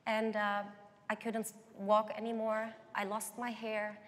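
A woman's voice: mid-range voice, completely flat delivery, unhurried. A young woman, a guest singer, telling her life story earnestly in an interview. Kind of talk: interview testimony. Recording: long hall reverb.

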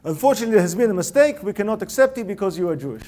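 A man's voice: sits high, expressive, racing, warm tone. A man voicing a stern male Soviet military commander, speaking formally in a put-on Russian accent.

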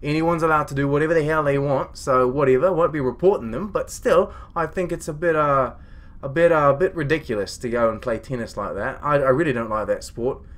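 In a comedy monologue, a web series creator plays a grumpy, foul-mouthed starship captain who rambles and rants indignantly. His voice is natural, slightly high and fairly quick.

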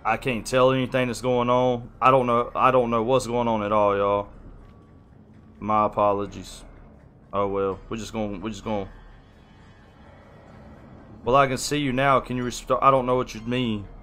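A man's voice: mid-range voice, level tone, moderate pace, pauses often, fairly bright tone, slight background noise. A man chatting casually on a live stream, rambling, flustered and apologetic.

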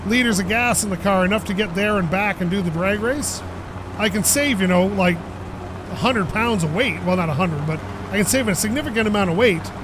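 This high-voiced man is a gaming YouTuber giving relaxed commentary on his gameplay, chatty, meandering and self-deprecating. He seems to be losing his voice, and the game is loud underneath, with a car engine and ambient game sounds.

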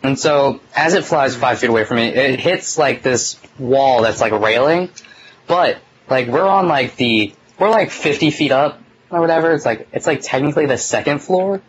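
A man's voice: mid-range voice, normal speed, slight background noise, low-quality recording. A young man hosting a casual talk show, telling a long story in a rambling way, full of "like" and some swearing, recorded on a phone. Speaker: podcast host.

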